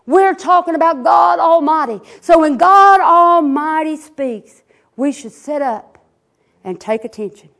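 A woman preaching a sermon in a folksy, storytelling way, dropping into solemn, slow emphasis. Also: high-pitched, a bit bright. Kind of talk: sermon with a told joke.

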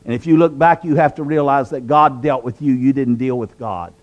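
The highs are cut off in this recording of a medium-pitched man talking a little fast. He's a guest from southwestern Virginia whose earnest, preacherly conversion story uses repeated phrases for emphasis.

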